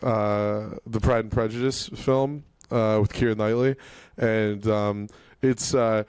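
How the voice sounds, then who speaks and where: A man's voice: fairly low pitch, takes it slowly, clean tone, no room sound. Rambling American man, dry mic. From United States. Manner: rambling, filler-heavy, deadpan jokes. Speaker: podcast co-host. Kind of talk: comedy podcast banter.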